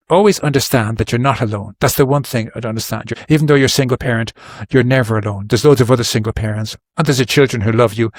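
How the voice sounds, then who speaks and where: An earnest, middle-aged man talks through advice in a loose, rambling way, often restarting his sentences. His voice sits in an ordinary middle pitch. The sound is dry and close, with no room echo. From Ireland. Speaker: podcast guest. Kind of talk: casual advice talk.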